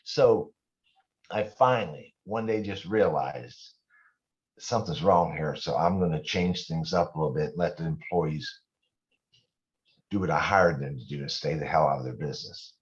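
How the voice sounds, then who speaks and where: A man's voice: a bass voice, normal speed, muffled recording. A man speaking as a guest in a casual interview, candid and rambling, often poking fun at himself. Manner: candid, rambling, self-deprecating. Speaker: guest business owner.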